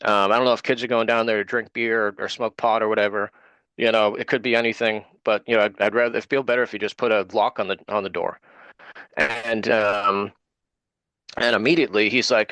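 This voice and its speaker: A man's voice: mid-range voice, fairly even intonation, brisk, fairly bright tone, no room sound. A man, an interview guest telling a personal story in casual talk and acting out what others said. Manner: retells events with quoted dialogue.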